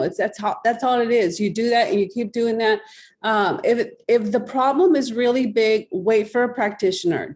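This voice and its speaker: A woman's voice: medium pitch, darkish tone. Woman, tapping coach, coaxing instructions, guided demo.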